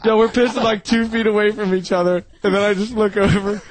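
A man with a high voice teases his co-hosts with crude jokes on a radio show. He laughs often and keeps the banter quick. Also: fairly even intonation, dry recording, poor audio. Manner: joking, teasing, laughing.

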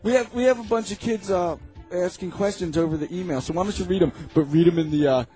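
A man's voice: high voice, fast talker, warm tone, faint music behind. A man co-hosting a comedy radio show, laughing and egging the others on.

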